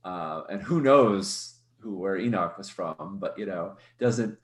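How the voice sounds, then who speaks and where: A man's voice: low voice, expressive, takes it slowly, echoey room. A man playing a tabletop role-playing game, describing his character in a rambling, hesitant way full of fillers. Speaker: player.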